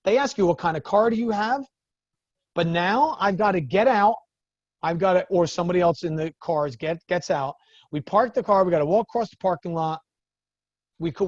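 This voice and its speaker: High-voiced man telling lively business stories. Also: no room sound, muffled recording. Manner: animated storytelling, acts out the other people in his stories. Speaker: business coach. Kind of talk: talking to a group of business owners.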